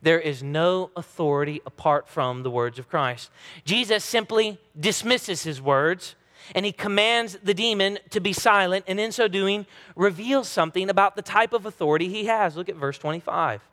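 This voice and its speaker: A man in his thirties, serving as pastor, preaches with a high voice at a moderate pace and a fairly bright tone. Earnest and emphatic, he gives quoted voices a dramatic turn. The recording carries the long reverb of a large hall.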